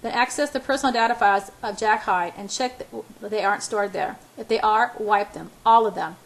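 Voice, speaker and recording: A woman's voice: mid-range voice, brisk, creaky, close to an everyday voice. A woman reading the part of a furious, domineering young billionaire who barks clipped commands. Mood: commanding.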